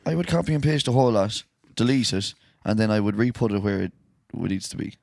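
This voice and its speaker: A man's voice: on the low side, expressive, fast talker, vocal fry, a little mellow, no echo, clean studio sound. A man co-hosting a podcast in casual chat, bantering and telling jokes. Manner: joking, banter, tells jokes. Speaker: podcast co-host.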